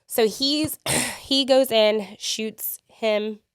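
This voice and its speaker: A woman's voice: on the high side, drawn-out words, clean tone, no echo. Woman recounting events in a dry, close voice. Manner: vivid step-by-step recounting, acting out quotes. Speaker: podcast guest. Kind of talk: interview storytelling.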